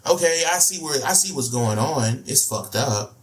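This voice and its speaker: A man's voice: mid-range voice, lively intonation, moderate pace. Man, casual reaction host, slangy, laid-back, rambling, repeats phrases.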